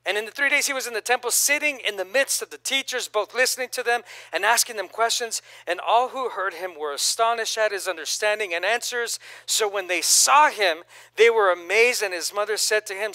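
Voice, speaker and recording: A male pastor preaching a lively sermon, reading scripture aloud and calling on the congregation to repeat after him. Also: sits high, brisk, no room sound. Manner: reads scripture aloud, then comments casually.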